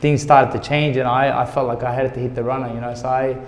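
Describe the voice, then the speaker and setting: A man of middle pitch, once a boxer, tells his story candidly and with feeling, and acts out what others said in lively quoted dialogue. His voice carries a long reverb, as if spoken in a large hall. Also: fast. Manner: emotional, retells conversations in quoted dialogue. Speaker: interview guest, former boxer.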